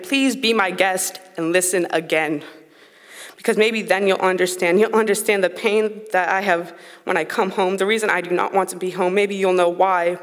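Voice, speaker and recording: Young woman, late teens, spoken word poetry, earnest raw delivery, gravelly fry, concert hall reverb. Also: medium pitch. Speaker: high school slam poet.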